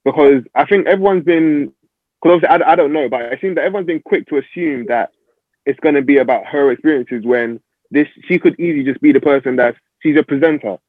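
A man's voice: a little high, fast talker, no echo. A man in a casual podcast discussion, hesitantly questioning an assumption. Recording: dry phone-like line.

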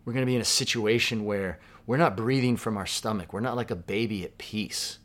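A man with a fairly low voice delivers a sermon in a relaxed, conversational manner. He muses aloud, asks questions of his listeners, and drops to a hushed tone for quoted words. He is from Southern California. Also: brisk. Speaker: pastor.

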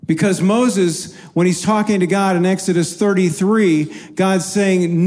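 A man's voice: high voice, unhurried, hardly any pauses, a little mellow. A man co-hosting a faith talk, earnestly explaining a Bible story in a casual teaching style.

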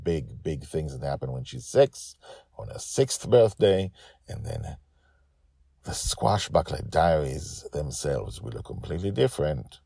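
A man's voice: very deep voice, lively intonation, creaky, warm tone, no echo, studio quality. A man who writes and reads a serial story, chatting playfully with listeners afterward. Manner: playful and teasing, drawn-out words. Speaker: storyteller and podcast host. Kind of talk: casual after-story chat.

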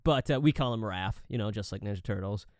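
A man in his thirties co-hosting a casual podcast, telling swearing, animated family stories and acting out the voices. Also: fairly low pitch, fast talker, dry recording, studio quality. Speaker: podcast co-host. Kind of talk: casual chat.

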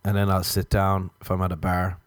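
A man's voice: low-pitched, monotone, brisk, no room sound, clean studio sound. A man, delivering a self-mocking comic monologue. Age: 30s. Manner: ranting, self-mocking, acts out his own inner voice. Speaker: comedian.

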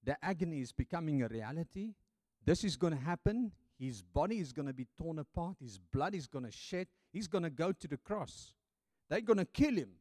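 Dramatic preacher man, loud to hushed. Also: fairly high pitch, lively intonation, brisk, dry recording. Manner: hesitant, with fillers and restarts. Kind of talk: sermon.

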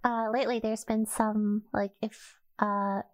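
A woman's voice: medium pitch, little pitch movement, measured pace. A young American woman, a voice actor, chatting casually and animatedly, swearing and laughing often. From United States. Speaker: voice actor, podcast co-host. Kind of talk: casual chat.

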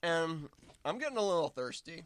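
A man's voice: fairly high pitch, very animated, moderate pace, fairly bright tone. A man guest in a casual snack-tasting chat, rambling in a mock-serious way with hesitant restarts, talking with his mouth full while eating.

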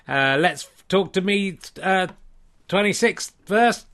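A middle-aged man rambling through a comic solo podcast, often mocking himself and restarting his sentences. His voice is fairly high and bright, with a forceful edge. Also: lively intonation, slow pace. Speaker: podcast host and comedian.

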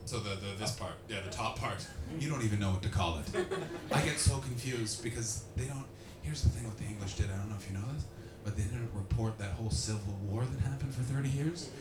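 A man's voice: on the low side, brisk. Brash, profane stand-up comedian man. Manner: brash, profane, shouting bursts at the crowd. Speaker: stand-up comedian and podcast host. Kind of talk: live stand-up crowd work. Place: live comedy venue with an audience. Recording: roomy, distant live recording with noise.

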